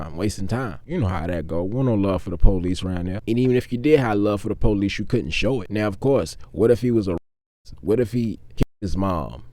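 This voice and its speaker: A man's voice: deep voice, darkish tone. A man from Virginia, telling a street story in a laid-back, profane, conversational way. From Richmond, Virginia, US.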